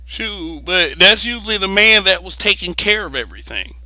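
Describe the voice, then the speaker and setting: A man's voice: sits high, expressive, moderate pace, bright, forceful tone, dry recording, low-quality recording. A young man giving blunt, profane opinions in a casual monologue, repeating words as he presses his point.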